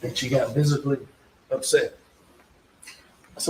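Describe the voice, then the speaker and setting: A man's voice: medium pitch, expressive, normal speed. A man giving a closing argument to a jury, emphatic and repetitive, speaking straight to the jurors in a courtroom. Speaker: trial attorney. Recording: echoey courtroom audio with faint background noise.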